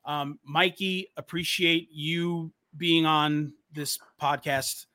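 Hyped-up guy hosting a podcast, bright forward voice, dry close mic, kinda high. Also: slow pace, no room sound. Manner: excited, hyped promo talk. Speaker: podcast host. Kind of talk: casual chat.

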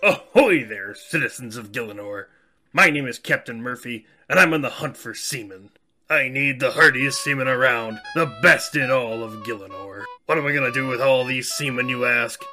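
A man's voice: mid-range voice, normal speed. A man voicing a boisterous pirate ship captain in a comedic parody ad, with bawdy growled interjections. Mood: hearty, salesy. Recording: ad with loud guitar music behind.

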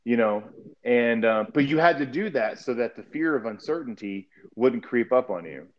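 A man's voice: medium pitch, expressive, moderate pace. A man who is an army veteran, chatting casually on a podcast, rambling and swearing with lots of fillers. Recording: muffled lo-fi audio.

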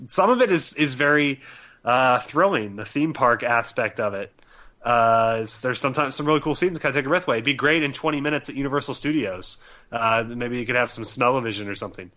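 A man giving a sarcastic, halting film review in a casual podcast chat. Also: mid-range voice, sharp tone.

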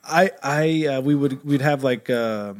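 A man telling a story on a podcast as a guest, animated, laughing often and swearing. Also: mid-range voice, a little slow. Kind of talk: casual storytelling.

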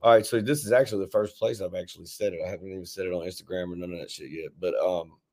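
A man's voice: low voice, fairly even intonation, very fast, a little mellow. A man, a rapper guesting on a podcast, telling long stories with heavy swearing and lots of restarts. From Memphis, Tennessee. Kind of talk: casual storytelling conversation.

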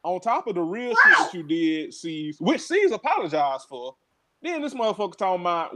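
A man's voice: a little high, normal speed, background noise. A man co-hosting a casual recap podcast, ranting profanely and laughing as he talks. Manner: profane, animated, laughing rants. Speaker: podcast co-host. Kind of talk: casual reality-TV recap chat.

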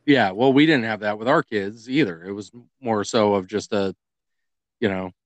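A middle-aged man co-hosting a podcast, chatting casually and telling stories with lively acted-out dialogue. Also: lowish voice, normal speed, no echo, muffled recording. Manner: animated storyteller, acts out quoted dialogue. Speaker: podcast co-host. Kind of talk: casual chat.

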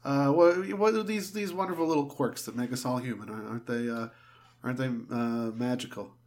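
Blunt, cursing Canadian podcast co-host. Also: male voice, medium pitch, a little fast, a little mellow. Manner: blunt, swears freely. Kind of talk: casual podcast chat.

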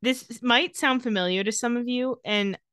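Bright-voiced woman recapping a show. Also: on the high side, moderate pace, clear, resonant tone, dry recording, clean studio sound. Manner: recaps scenes, acts out quotes with jokes. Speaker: podcast co-host. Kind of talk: casual recap chat.

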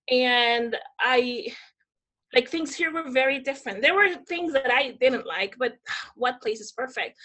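A woman from the Dominican Republic, a Spanish speaker, telling her personal story as an interview guest with lively acted-out quotes and many fillers. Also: high voice. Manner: animated, acts out quoted voices, many fillers.

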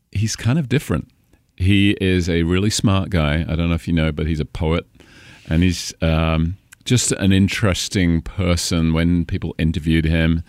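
A middle-aged man from England with a Cambridge-area English accent, a stadium announcer chatting as a guest, talkative and quick to laugh. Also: deep voice, darkish tone, no room sound, studio quality. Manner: chatty, laughs often, enjoys rolling names off the tongue. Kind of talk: casual interview chat.

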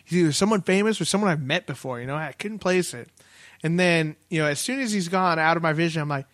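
A man's voice: on the high side, fast talker, fairly bright tone, dry recording, clean studio sound. A man, hosting a podcast and telling rambling stories with frequent laughter in casual chat. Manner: laughs often, loose rambling storytelling. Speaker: podcast host.

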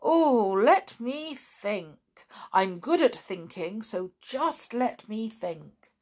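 A woman's voice: fairly high pitch, sing-song, very slow, darkish tone, pitched above the performer's own voice, full character voice. A woman voicing Mister To and Fro, a kindly wobbling wooden toy man who talks in a fussy, earnest way. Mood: concerned.

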